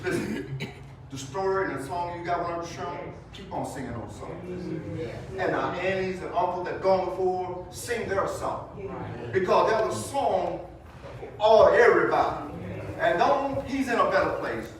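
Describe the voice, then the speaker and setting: Man, high-pitched, folksy storytelling preacher at a funeral; distant mic, booming room echo. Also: moderate pace, a little hiss or hum. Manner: storytelling, preacherly, repetitive restarts. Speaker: funeral speaker. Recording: very echoey hall, distant mic.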